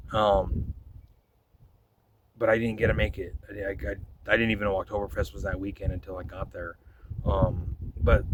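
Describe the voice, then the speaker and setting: A young male vlogger in a casual storytelling mode, swearing freely as he vents his annoyance. He sits back from the mic, so his voice lands a little distant, with steady noise running underneath. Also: on the low side. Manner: profane, exasperated ranting.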